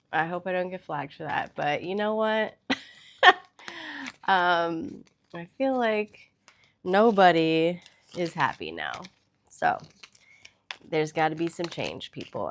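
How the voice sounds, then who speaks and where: A woman's voice: on the low side, a little hiss or hum. A woman hosting a casual tarot reading vlog, chatty and loose, with the odd swear word. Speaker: tarot reader.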